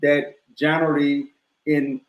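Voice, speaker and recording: A man speaking as a guest on a talk show, measured and steady, with frequent "you know" fillers. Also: a little high, highs cut off. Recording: roomy echo.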